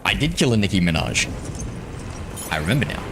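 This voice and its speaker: Sarcastic Australian streamer with game noise. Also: male voice, low-pitched, very animated, fairly quick, gravelly. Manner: sarcastic, mocking replies to chat. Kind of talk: live gaming stream chat. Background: game sounds and vehicles.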